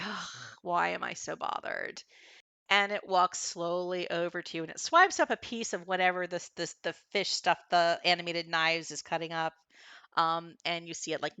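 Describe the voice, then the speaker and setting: Bright-voiced woman game master. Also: fairly low pitch, clean tone, no echo. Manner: lively, descriptive, casual. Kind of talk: narrating a tabletop game.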